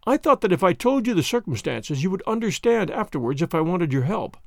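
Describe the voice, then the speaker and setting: A man's voice: high voice, very animated, fairly quick, gravelly, no room sound, clean studio sound, full character voice. A man voicing an anxious young woman in a storybook reading, with earnest, polite period speech.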